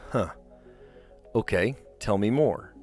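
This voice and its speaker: A man's voice: on the low side, slow pace, a little mellow, soft background music. A man chatting casually on a puzzle live stream, rambling and explaining where words come from. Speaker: streamer playing word puzzles.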